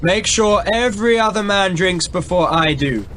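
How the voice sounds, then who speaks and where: A confident warrior prince barks questions and orders loudly, as a male narrator puts him on. His pitch sits raised and brisk. It is audiobook drama. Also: big pitch swings, slight background noise. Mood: commanding. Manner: loud, commanding, brisk. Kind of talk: audiobook reading.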